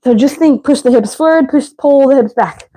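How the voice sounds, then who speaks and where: In a low-quality recording, a fitness instructor leads a live workout, her high-pitched, mellow woman's voice moving at a moderate pace. She counts reps and cues stretches, breathy and winded in between.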